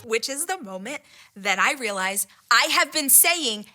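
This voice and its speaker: Giddy, bright-voiced woman telling a story. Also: a little high, lively intonation, unhurried, soft background music. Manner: breathless, giddy, dips into whispered asides. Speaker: podcast host retelling a date story. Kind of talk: excited personal storytelling.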